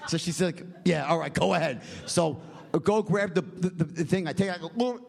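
A middle-aged man telling a comic story on stage, animated and profane, with constant "right?" asides. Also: a little high, fairly quick, gravelly, slightly rough.

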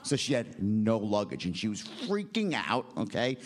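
A middle-aged man telling a long personal story in a casual, rambling, profane way, often tagging lines with "right?" and jumping up in pitch when he quotes people. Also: normal speed. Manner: animated, jumps in pitch when quoting people. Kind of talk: casual spoken anecdote.

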